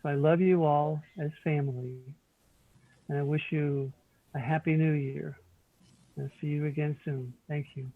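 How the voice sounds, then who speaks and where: A man on a video call sharing gentle, affectionate holiday wishes, slowing on key phrases. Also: on the high side, steady tone. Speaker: congregation member. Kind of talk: heartfelt sharing. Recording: tinny phone-like video call audio.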